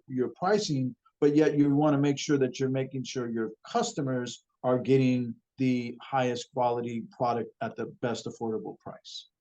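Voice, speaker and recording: A man's voice: high voice, a little mellow. A man speaking as a guest on a podcast interview, earnest and often repeating words as he thinks. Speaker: guest, ingredient supplier.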